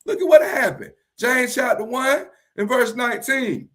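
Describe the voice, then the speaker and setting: A man teaching from the Bible in a livestream, earnest and repeating key phrases slowly for emphasis. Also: very high-pitched, pushed and bright.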